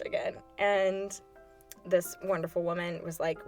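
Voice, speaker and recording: A woman's voice: mid-range voice, level tone, slow, a little mellow, faint music behind. A woman hosting a podcast, telling a personal story in a casual, conversational way full of "like" fillers and quoted dialogue. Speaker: podcast host.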